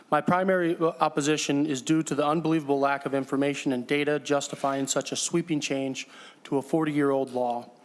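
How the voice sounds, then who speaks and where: Formal man reading prepared testimony. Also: on the high side. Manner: measured, formal. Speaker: company CEO testifying. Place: legislative hearing room.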